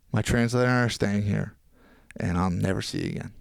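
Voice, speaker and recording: A man, a podcast guest, telling a long anecdote in casual chat and quoting people in quick voices. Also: lowish voice, vocal fry, no echo, clean studio sound.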